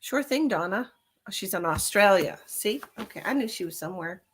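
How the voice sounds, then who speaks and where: A woman's voice: medium pitch, animated, a little fast, fairly bright tone, slight background noise. A woman giving live-stream tarot readings, chatting with viewers and calling them honey and darling. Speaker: tarot reader.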